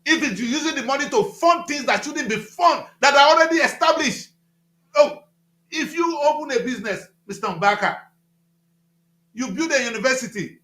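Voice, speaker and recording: Nigerian male commentator, bright animated delivery, echoey room, emphatic and heated. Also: very high-pitched. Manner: emphatic, repetitive, rising to loud outbursts. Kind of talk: impassioned talk-show commentary.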